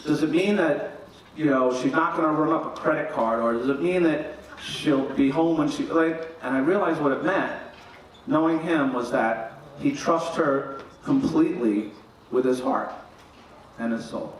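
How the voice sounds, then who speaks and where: A man's voice: fairly high pitch, a little slow. Middle-aged father giving a joking wedding toast. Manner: humorous, animated, acts out quoted voices. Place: wedding reception hall. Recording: very echoey hall, distant mic, faint noise.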